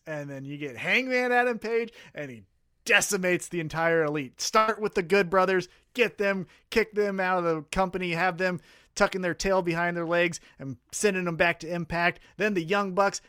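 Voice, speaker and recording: With a clean tone that sits high and a moderate pace, a man co-hosts a podcast in clean, dry studio sound. His casual stories are animated and profane, punctuated by quotes he acts out.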